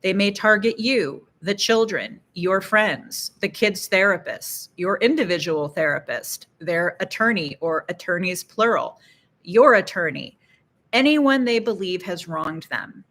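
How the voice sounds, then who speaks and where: A woman's voice: on the low side, animated, a little slow, fairly bright tone. A middle-aged woman, a psychologist hosting an educational talk, explaining with dry, sardonic asides. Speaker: psychologist and channel host.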